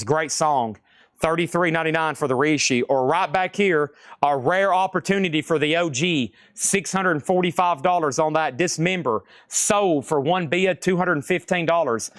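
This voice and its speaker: Live-sale host, male, upbeat auctioneer patter, bit high, dry close sound. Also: no room sound. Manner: excitable, jokey, exclamatory. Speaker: live-stream record seller.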